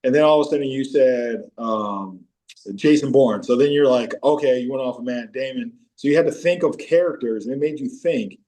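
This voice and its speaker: A man in his forties, a former pro football player, telling animated stories as a podcast guest and breaking into high-pitched voices when quoting teammates. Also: a little fast. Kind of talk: casual storytelling interview.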